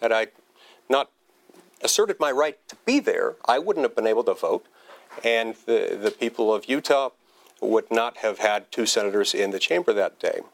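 A man giving a humorous speech as a senator, telling a story in a wry, self-deprecating way with halting restarts. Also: fairly low pitch, expressive, gravelly.

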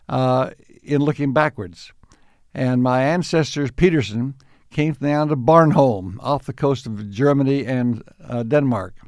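Older man telling unhurried stories. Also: medium pitch, a little mellow, no echo, studio quality. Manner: unhurried, with frequent restarts and chuckles. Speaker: interviewee. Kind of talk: reflective storytelling.

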